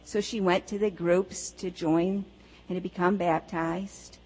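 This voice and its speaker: A woman preacher telling a story within a sermon, measured and earnest, posing rhetorical questions. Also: lowish voice, fairly even intonation, a little mellow, slightly rough, long reverb tail, low-quality recording. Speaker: pastor or preacher.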